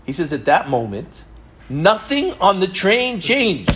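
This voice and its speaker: A man's voice: high-pitched, wildly swooping pitch, measured pace, noisy background. A man giving a sermon as a rabbi. He speaks emphatically, tells stories, repeats his points and asks rhetorical questions. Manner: storytelling.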